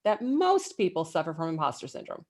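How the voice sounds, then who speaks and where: A middle-aged woman, an executive guest, giving motivational advice in an interview with emphatic, animated delivery. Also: brisk, creaky. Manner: emphatic and animated, with big swings in pitch.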